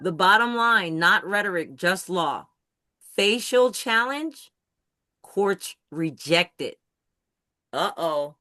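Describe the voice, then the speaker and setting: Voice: mid-range voice, animated, slow, long pauses, pushed and bright, dry recording, clean studio sound. A host leading a live video-call study session. The host talks emphatically and keeps asking whether everyone understands. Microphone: computer mic on a video call.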